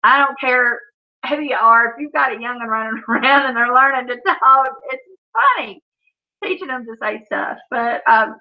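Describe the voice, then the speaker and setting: Woman, 40s, high voice, laughs a lot, chatty live-stream host, dull lo-fi audio. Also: steady tone, normal speed. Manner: laughs often, storytelling, says "Oh, Lord". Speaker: livestream host. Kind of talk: casual live-stream chat reading comments.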